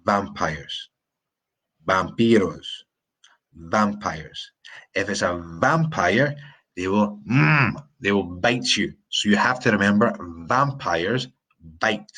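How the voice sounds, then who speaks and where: A man teaching English pronunciation in a live-streamed lesson, repeating words slowly to drill the sounds. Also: on the low side, lively intonation, fairly bright tone.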